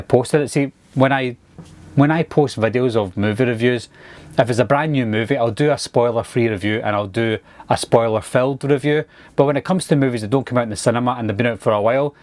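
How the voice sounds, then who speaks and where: A man with a Scottish accent, talking casually to camera as a movie reviewer, relaxed and chatty. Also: mid-range voice, no echo. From Scotland.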